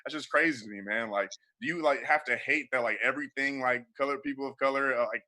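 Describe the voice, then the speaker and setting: A man's voice: medium pitch, fast, pushed and bright. A young man doing a loose, profane stand-up comedy set over a video call, laughing at his own jokes.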